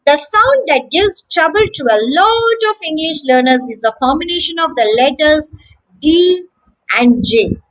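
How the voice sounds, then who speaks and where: A woman teaching English pronunciation, saying each word slowly and several times with clear syllable stress. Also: sits high, expressive, a bit bright, low-quality recording. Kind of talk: slow, careful pronunciation lesson.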